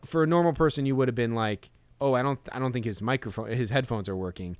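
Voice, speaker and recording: A man co-hosting a podcast, chatting casually with lots of fillers and animated retelling. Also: medium pitch, quick pace, smooth, dry recording. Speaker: podcast co-host. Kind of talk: casual chat.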